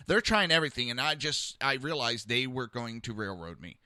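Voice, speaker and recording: A man's voice: medium pitch, very animated, fairly quick, few pauses, bright, forceful tone, no room sound, studio quality. A man hosting a podcast, telling a personal story in a heated, rambling, blunt way. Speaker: podcast host.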